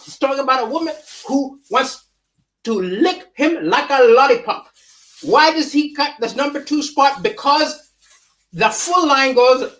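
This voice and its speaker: A man with a slight lisp hosts a live-streamed comedy show from his home. He talks in an animated, chatty way, riffing on songs and reading viewer comments aloud. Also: very high voice. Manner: animated, reads viewer chat aloud and riffs. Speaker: comedian hosting a livestream.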